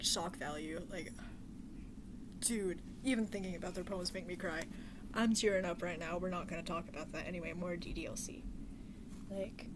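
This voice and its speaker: A woman's voice: a little high, noisy background. A young woman chatting casually as a vlogger. She rambles, drifts off on tangents and fills her talk with slang and fillers. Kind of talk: casual chat.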